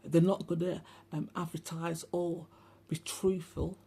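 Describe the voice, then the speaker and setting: A woman's voice: on the low side, little pitch movement, a little slow, creaky, mellow, husky. A woman hosting a rambling, casual spiritual monologue, talking bluntly, swearing often and turning sarcastic. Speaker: spiritual channel host.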